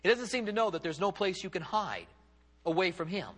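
Expressive and a little fast, a pastor delivers his sermon in a high, bright, ringing voice with a slightly rough edge. He dramatizes the lines he quotes, rising and falling sweepingly, while the long reverb of the sanctuary swallows his trailing words.

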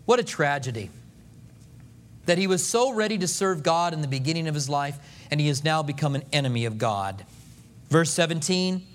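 Animated high-voiced male preacher. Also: moderate pace. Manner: animated storytelling, acting out scripture voices with humor. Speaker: pastor. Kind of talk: sermon.

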